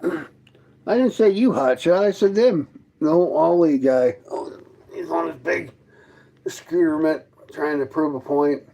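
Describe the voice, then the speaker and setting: In a slightly high, dark-toned voice with vocal fry, a man speaks at a measured pace while hosting a casual livestream from his fifth-wheel trailer. He mocks and argues with his chat in a sarcastic, combative way, and the audio is poor.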